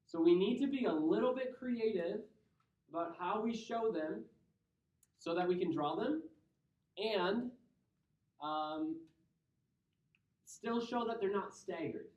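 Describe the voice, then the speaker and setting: A man's voice: high voice, animated, slow, long pauses, a little mellow. A man with a Midwestern accent teaching a chemistry class, explaining step by step and checking in with his students. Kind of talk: classroom lecture. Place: lecture classroom. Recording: roomy, dull lo-fi classroom recording.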